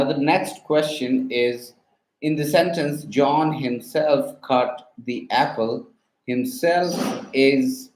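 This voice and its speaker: A man's voice: mid-range voice, a little mellow, reverberant, rough recording. A man quizzing a voice assistant on linguistics, hesitant, with many fillers and restarts. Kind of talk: spoken questions to a voice assistant.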